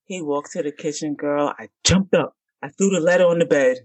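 Animated woman telling a dramatic story. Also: low-pitched, brisk, no room sound. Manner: animated, dramatic, acts out voices. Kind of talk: casual storytelling chat.

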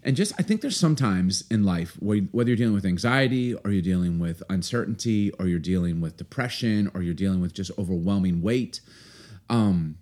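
Deep-voiced earnest male pastor. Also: animated, a little mellow. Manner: earnest, unhurried, many fillers and restarts. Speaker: pastor and podcast co-host. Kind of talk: casual podcast talk and scripture reading.

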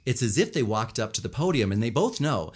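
A man with a medium-pitched, slightly rough voice speaks fairly quickly as a communication coach, giving instructional commentary on body language and vocal melody. He's animated, acting out different tones and gestures as examples.

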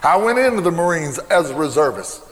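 A man's voice: a little high, sing-song, a little fast, slight background noise. An older man preaching a sermon, telling a folksy story from his own past with emphatic repeated refrains. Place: church. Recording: long reverb in a church hall.

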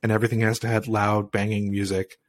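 A man's voice: on the low side, little pitch movement, fast, no room sound. Laid-back male co-host. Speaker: podcast co-host. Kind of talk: casual podcast chat.

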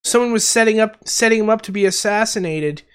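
A man from Canada hosting a podcast in casual chat, high on mushrooms, rambling and giggling with slangy talk. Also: brisk, clear, resonant tone. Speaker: podcast host.

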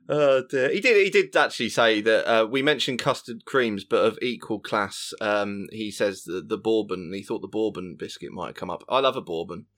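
A man's voice: fairly low pitch, normal speed, a bit bright. A man co-hosting a podcast in casual chat, laughing often as he reads out listener messages. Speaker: podcast co-host.

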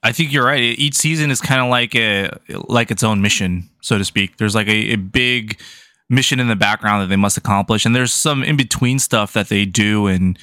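A man's voice: fairly low pitch, normal speed, bright, forceful tone, no room sound, clean studio sound. A man co-hosting a film podcast, talking casually and hesitantly with many fillers. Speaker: podcast co-host. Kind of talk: casual chat.

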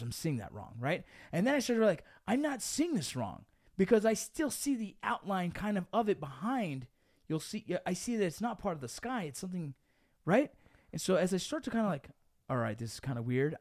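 A young man with a slightly high voice tells a story in a casual podcast chat, swearing often and animatedly calling the listener dude and bro. The recording is studio quality with no echo.

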